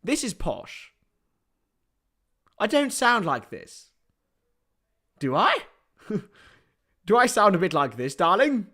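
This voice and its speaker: A hammy, plummy posh Englishman, as a man puts him on in jest. The drawl is overdone and theatrical, with darling tossed in, and the pitch swoops up and down. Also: sing-song, drawn-out words, long pauses, pushed and bright, heavily acted. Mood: mocking. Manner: exaggerated drawl, says darling.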